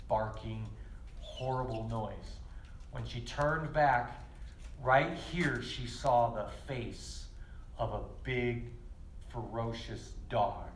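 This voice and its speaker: Lively man teaching kids in an echoey room. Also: mid-range voice, slight background noise. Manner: lively, storytelling, addresses kids directly. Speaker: children's pastor. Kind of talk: kids' church teaching. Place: church kids' room. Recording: echoey room with faint ambience.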